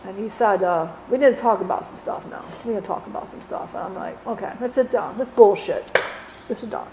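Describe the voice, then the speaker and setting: A woman channeling a blunt, rough-talking dead man. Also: mid-range voice, fairly quick, background noise, lightly acted. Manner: rambling, blunt, swears, lots of "you know". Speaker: spirit channeler. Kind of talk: channeling session.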